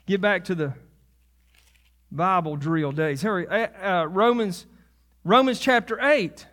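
A man's voice: sits high, unhurried, a bit bright. A man preaching a sermon as pastor, conversational, with asides and laughs at himself.

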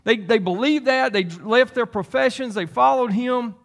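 Pastor, male, high voice; loose conversational sermon delivery with restarts. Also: moderate pace, gravelly, fairly bright tone. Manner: conversational, rambling with restarts and asides.

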